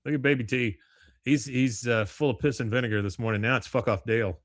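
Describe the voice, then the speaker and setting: A man casually recapping a cartoon episode on a podcast. His voice sits at a middle pitch, and his talk is loose and rambling. The sound is dry and close, with no room echo. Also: steady tone, quick pace. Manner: loose, rambling, with frequent uh fillers and crude jokes. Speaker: podcast host.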